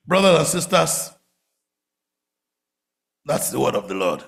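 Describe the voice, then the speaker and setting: A man preaching a sermon, telling stories with big swings from loud outbursts to quiet murmurs. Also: fairly high pitch, slow, gravelly, pauses often. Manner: animated storytelling, swings from shouts to murmurs. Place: church sanctuary. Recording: echoey church hall.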